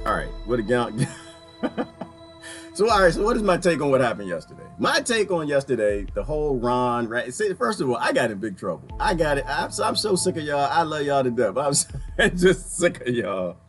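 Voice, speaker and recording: Guy ranting to his viewers, voice jumps high and low all over, laughing, soft music under it. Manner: animated, laughing, swings between loud and low. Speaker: video commentator. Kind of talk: casual political rant.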